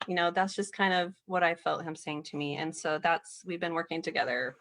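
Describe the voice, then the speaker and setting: A young woman guest on a podcast, talking earnestly and laughing softly as she tells her story. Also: lowish voice, fairly even intonation, brisk, hardly any pauses. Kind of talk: casual podcast conversation.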